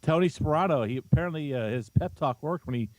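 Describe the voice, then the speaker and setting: A man's voice: a little high, lively intonation, quick pace, darkish tone, dry recording, rough recording. A man who joins the show every week as a guest football fan, chatting casually and teasing the host. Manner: easygoing, teasing, laughs along. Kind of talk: casual sports chat.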